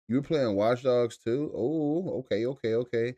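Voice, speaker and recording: A man's voice: medium pitch, a little slow, hardly any pauses, mellow, no room sound. A young man live-streaming, chatting loosely with his chat, swearing and laughing often. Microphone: desk mic.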